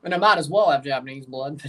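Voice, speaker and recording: A man's voice: a little high, fast talker, bright, forceful tone, distant mic. A man hosting a live watchalong stream, chatting casually and rambling, often repeating himself and chuckling. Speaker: livestream watchalong host. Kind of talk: casual live reaction chat.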